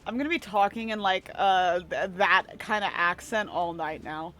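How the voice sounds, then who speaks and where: Midwest girl streaming a game, giggly chatty, average pitch. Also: moderate pace, bright, forceful tone, soft background music. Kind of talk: casual gaming stream chat.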